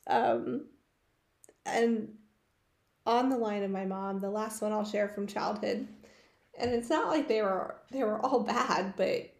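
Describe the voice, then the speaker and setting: A woman casually telling personal stories in a chatty, animated way, acting out the voices of the people she quotes. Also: mid-range voice, takes it slowly, vocal fry, long pauses. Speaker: host sharing personal stories. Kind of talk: casual storytelling. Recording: roomy echo.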